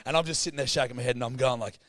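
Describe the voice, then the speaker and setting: A man's voice: medium pitch, very fast, slight background noise. A man co-hosting a casual podcast, telling a story full of swearing and acting out the people in it. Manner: sweary, animated storyteller who acts out the people in his tales. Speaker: podcast co-host.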